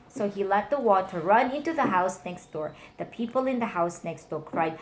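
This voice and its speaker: A woman reading children's storybook tales aloud to her nephew, voicing the characters with high squeals. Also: big pitch swings, moderate pace, hardly any pauses.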